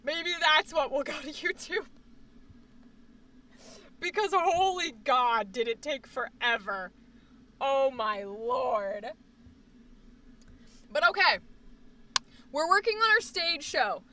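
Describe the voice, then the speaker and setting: A young woman chats on her live stream in a high, bright voice, rambling from one thought to the next. She swears freely and bursts out loudly now and then. Her voice comes from a little away from the microphone. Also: unhurried, long pauses, far from the mic, slight background noise. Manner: rambling, profane, animated with sudden outbursts. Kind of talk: casual live-stream chat.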